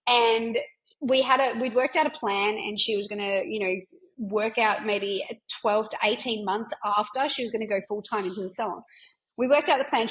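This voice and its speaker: A woman business mentor hosts a relaxed podcast conversation, her voice sitting a little high. She talks in an emphatic, encouraging way, peppering her sentences with fillers and the odd swear word. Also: poor audio. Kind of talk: casual conversational coaching chat.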